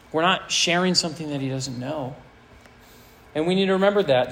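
A male pastor preaching a sermon to a high school audience, reading scripture aloud with earnest emphasis. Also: low-quality recording.

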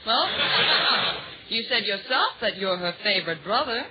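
Lady bantering on an old radio comedy, teasing quick comebacks, mid pitch, hissy muffled recording. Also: animated. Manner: bright, teasing, quick with comebacks, 1940s slang. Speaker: guest star. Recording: dull 1940s radio recording with clear hiss.

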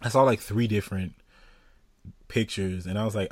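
A man co-hosting a podcast in casual, slangy chat, animated and quick to laugh, a little stuffy from sinus trouble. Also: lowish voice, no echo, clean studio sound. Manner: animated, laughs often, loose slangy talk. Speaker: podcast co-host.

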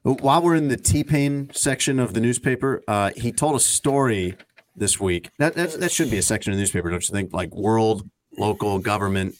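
A man's voice: fairly low pitch, animated, moderate pace. A man hosting a casual talk show, running through news items and teasing his co-hosts. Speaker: host.

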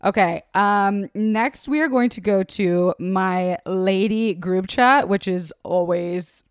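A woman's voice: medium pitch, slow pace, clear, resonant tone, dry recording. Gushing woman podcast host, dry sound. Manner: gushing, swears freely. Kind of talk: casual chat reacting to voice notes.

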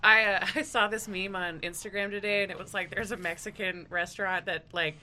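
A woman in casual podcast chat, quick and teasing. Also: mid-range voice, steady tone, sharp tone, a little hiss or hum. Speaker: podcast co-host.

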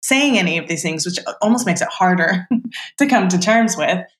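A woman's voice: on the low side, expressive, moderate pace, fairly bright tone. Chatty woman in her thirties, roomy sound. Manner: chatty, reflective, many filler words. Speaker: guest. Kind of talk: casual chat. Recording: roomy echo.

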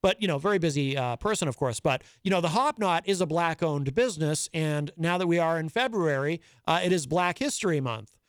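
A man's voice: a little high, lively intonation, fairly quick, clear, resonant tone, no echo. A man hosting a live radio talk show from a studio, chatting in a rambling, self-amused way on a studio microphone. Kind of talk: casual monologue.

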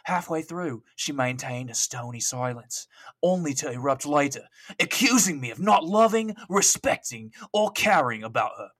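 A man's voice: fairly high pitch, animated, moderate pace, a bit bright. A man chatting and joking on a gaming podcast, laughing often, swearing freely and stumbling while reading text aloud. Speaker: podcast guest. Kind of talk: casual podcast banter.

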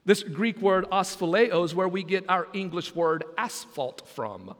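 A man's voice: high voice, animated, unhurried, long reverb tail. A man preaching a sermon as senior pastor, joking with the congregation and drawing back "Amen?" replies. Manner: preaching with jokes and call-and-response asides.

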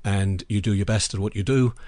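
A man with a lowish voice tells stories from his working life, leaning on repetition to stress his points. The sound is dry and close on a podcast mic. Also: steady tone, brisk, mellow, dry recording. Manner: storytelling, emphatic repetition. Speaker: guest, film assistant director and lecturer. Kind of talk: anecdotal interview talk.

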